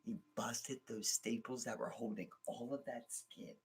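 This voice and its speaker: A man's voice: medium pitch, measured pace, a little hiss or hum. A man with a Baltimore accent, co-hosting a casual podcast chat, telling stories in slang and acting out the people in them. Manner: animated storyteller, slangy, acts out quotes. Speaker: podcast co-host.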